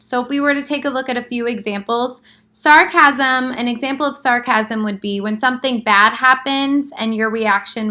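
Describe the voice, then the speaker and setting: A woman's voice: on the high side, bright, forceful tone. A woman presenting a prepared class talk, reading it aloud carefully with a few slips.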